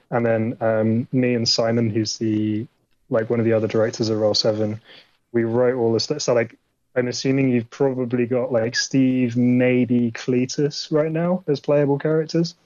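A man's voice: mid-range voice, level tone, normal speed, darkish tone, no echo. Man, game developer guest, casual rambling chat, many fillers, dry, dull lo-fi audio.

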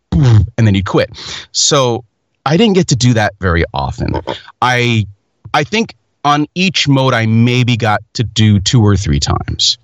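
Rambling, lively-voiced man. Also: fairly low pitch, no echo. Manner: rambling, self-mocking, animated storytelling. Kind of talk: casual chat.

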